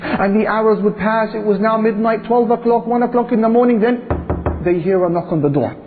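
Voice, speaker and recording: A man's voice: sits high, fairly quick, soft background music. A man preaching, telling a story dramatically and acting out voices. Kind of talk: religious talk. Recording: tinny phone-like audio.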